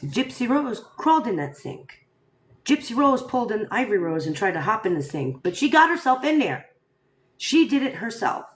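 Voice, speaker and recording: This casual live stream is hosted by a woman whose pitch is fairly high and whose pace is normal. Animated and rhetorical, she addresses her viewers directly and throws questions their way. Her recording carries an echoey room sound.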